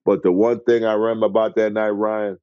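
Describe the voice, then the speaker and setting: A middle-aged man telling stories as a podcast guest, acting out quotes excitedly. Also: fairly quick, smooth, no echo, lo-fi sound. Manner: excited storyteller who acts out quotes in a high voice. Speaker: guest, former basketball player. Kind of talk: animated storytelling in a podcast interview.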